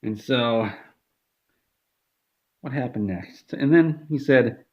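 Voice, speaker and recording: Brief: a man with a middle-pitched voice, deadpan rambling comic story, muffled lo-fi audio. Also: a little slow, pauses often. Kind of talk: comedic storytelling.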